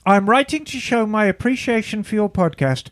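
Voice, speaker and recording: A man co-hosts a casual podcast and reads a listener's letter aloud, throwing in playful joking asides. His voice sits high and swoops around with lively pitch. The sound is dry and close. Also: moderate pace, no room sound. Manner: playful, breaks into mock British asides while reading. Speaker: podcast co-host. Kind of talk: casual chat, reading listener email aloud.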